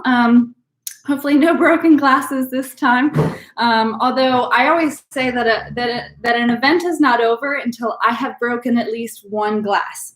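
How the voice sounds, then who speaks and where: A woman's voice: fairly high pitch, fairly bright tone. A woman hosting a live-streamed virtual wine class, chatty and upbeat, with lots of "um" fillers. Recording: roomy echo.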